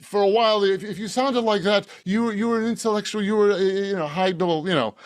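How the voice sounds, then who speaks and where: A man's voice: high-pitched, fast, dry recording, clean studio sound. A man from Boston, the author guest on a casual podcast interview. He rambles, jokes, laughs often and restarts his sentences. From Boston, Massachusetts.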